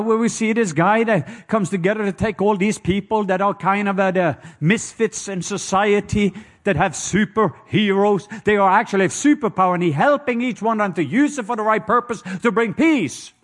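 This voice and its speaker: A man's voice: high voice, normal speed. A man with a Norwegian accent preaching a sermon, telling stories and joking with the congregation. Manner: storytelling, playful asides to the congregation.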